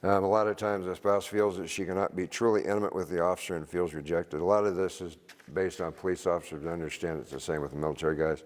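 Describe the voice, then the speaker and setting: A man's voice: deep voice, steady tone, quick pace. An older man, a retired Army veteran, giving an informal seminar talk to a church group, rambling and plain-spoken and chuckling at his own stories. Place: church hall. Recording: reverberant hall.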